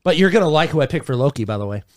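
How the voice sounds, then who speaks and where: A man's voice: on the high side, lively intonation, racing, dry recording. A man co-hosting a podcast in casual banter, joking, laughing often and swearing casually. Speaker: podcast co-host.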